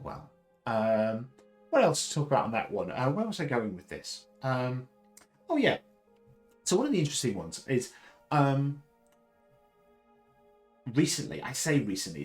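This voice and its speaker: A man from the south of England with a deep baritone voice, chatting casually and rambling with many fillers and restarts. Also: low-quality recording. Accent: Southern English. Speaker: host. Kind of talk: casual live chat.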